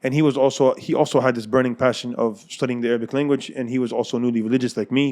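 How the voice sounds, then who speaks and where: American man, quick-talking storyteller who acts out dialogue and laughs a lot. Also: medium pitch, fairly even intonation, a little mellow. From United States. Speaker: guest telling his life story. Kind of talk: casual storytelling.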